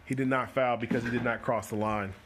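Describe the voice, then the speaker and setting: Male host, bright voice, joking live bowling commentary with faint noise behind. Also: mid-range voice, steady tone. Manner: chatty and joking, talks fast in spurts. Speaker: host of a bowling coaching show.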